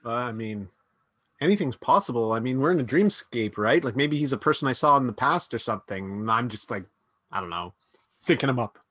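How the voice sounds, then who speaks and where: A man narrating a tabletop game as game master in a casual, halting way with many fillers. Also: mid-range voice, animated, fairly bright tone, no room sound. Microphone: home microphone on a stream.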